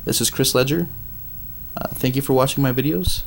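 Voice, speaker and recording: A man with a Minnesota accent giving a casual game review with commentary, halting often with ums and uhs. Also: mid-range voice, gravelly, a little hiss or hum.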